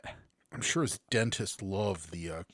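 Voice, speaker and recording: A man's voice: low-pitched, normal speed, no room sound. A man co-hosting a podcast in casual chat, making wry, laid-back remarks. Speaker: podcast co-host.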